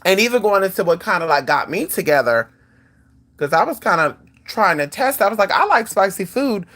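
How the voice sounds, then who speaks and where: A vlog host talks straight to viewers in a loose, sassy way, with a mid-pitched voice that leaps high and drops low. The speech is frank and salty, with "girl" and "honey" tossed in all the time. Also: fairly quick. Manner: sassy and animated, swinging pitch often; frank and profane. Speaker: channel host. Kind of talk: casual talk to viewers.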